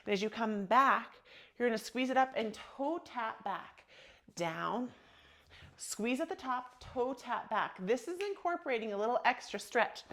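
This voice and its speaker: A woman's voice: fairly high pitch, lively intonation, a little slow, a bit bright. A woman leading a yoga workout, calling out breath cues in a soothing, encouraging way. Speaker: yoga instructor. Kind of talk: guided yoga class cues.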